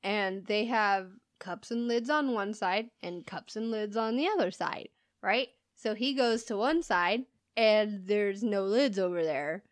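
As a podcast co-host, a woman tells stories in casual chat, laughing often and swearing as she acts out the people involved. Her voice sits mid-range and moves a little slowly, recorded dry.

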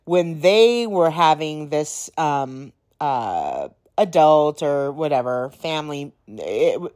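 A woman hosting a podcast, telling stories in a casual, rambling way, slightly hoarse and clearing her throat now and then. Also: low-pitched, a little mellow. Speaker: podcast host. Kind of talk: casual storytelling.

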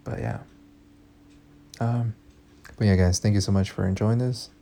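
A man's voice: on the low side, fairly even intonation, unhurried, vocal fry, dark tone, a little hiss or hum. A young man hosting a podcast, telling his breakup story candidly and emotionally, swearing often. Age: young adult. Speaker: podcast host. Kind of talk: casual storytelling.

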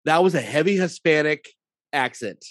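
Man with a slightly high voice. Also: animated, moderate pace, no echo, clean studio sound. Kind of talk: casual chat.

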